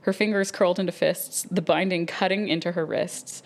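A young woman co-hosting a podcast reads from a steamy romance novel. Her voice sits low and carries a gravelly fry. She reads in a steady, expressive way. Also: moderate pace. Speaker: podcast co-host.

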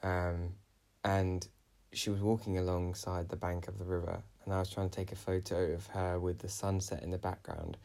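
A man's voice: deep voice, flat delivery, moderate pace, gravelly, few pauses, a little mellow. A young man co-hosting a podcast, rambling through a dream story with lots of "um"s. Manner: rambling storytelling with many "um"s and "I was like". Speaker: podcast co-host. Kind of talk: casual chat, recounting a dream.

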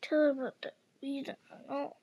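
A woman's voice: sits high, little pitch movement, brisk, darkish tone, natural voice. A woman reading the lines of a touchy, sleepy male mock turtle in a storybook. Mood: offended. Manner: offended, sleepy.

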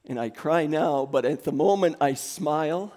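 A man in his thirties preaching a sermon in a church, swinging from soft near-whispers to loud, rising calls. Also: a little high, moderate pace. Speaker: pastor. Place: church sanctuary.

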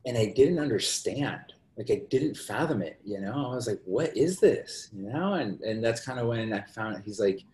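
Low-voiced man telling stories in an echoey room. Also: moderate pace, hardly any pauses, darkish tone. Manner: rambling, tags sentences with "right?". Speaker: podcast guest. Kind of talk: casual storytelling conversation. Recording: roomy echo.

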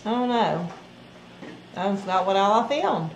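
A woman's voice: mid-range voice, lively intonation, a little slow. A woman chatting in a rambling, easygoing way about her farm chores. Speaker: co-host of a farm channel. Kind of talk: casual chat. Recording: roomy echo with faint noise.

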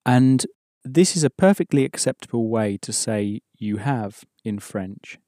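A man's voice: mid-range voice, lively intonation, unhurried, mellow, no echo, studio quality. A man teaching an audio language course, patiently explaining and prompting the learner to answer.

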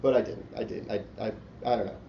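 A man's voice: lowish voice, fairly even intonation, brisk, gravelly. A man telling a long, profane story in casual chat, rambling and self-mocking and full of "like". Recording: roomy, dull lo-fi sound with faint hiss.

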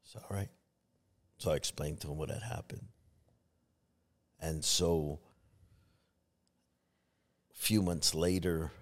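Very deep-voiced man telling his story. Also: a little mellow. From Los Angeles area. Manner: storytelling, acts out quoted voices, many restarts. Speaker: pastor. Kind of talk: personal testimony in a podcast interview.

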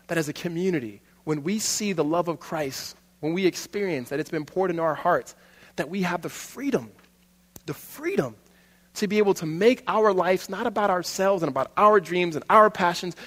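A man preaching a sermon, telling stories animatedly and dropping to a soft voice for emphasis. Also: sits high, big-room sound. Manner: animated storytelling, laughs often, drops soft for emphasis. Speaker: pastor.

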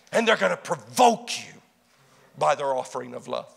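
A man preaching a sermon, swinging from hushed, intimate passages to loud, shouted exclamations. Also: mid-range voice, very animated, moderate pace, gravelly, slightly rough, in a large hall.

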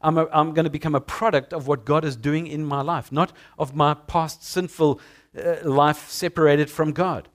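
A man's voice: a little high, fairly even intonation, moderate pace. A male pastor preaching a sermon in a conversational way to his congregation in a church. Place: church sanctuary.

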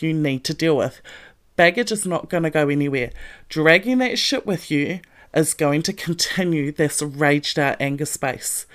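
A woman giving a motivational talk, blunt and profane, lively and emphatic. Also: low voice. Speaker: motivational podcast host.

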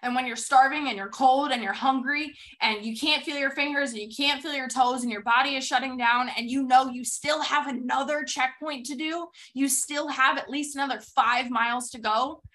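A woman hosts a motivational podcast, telling a story to her listeners. Her voice sits high and sounds bright and forward. She talks in an animated, emphatic way, acting out the quoted dialogue and leaning on repetition for effect. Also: fairly quick. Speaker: podcast host.

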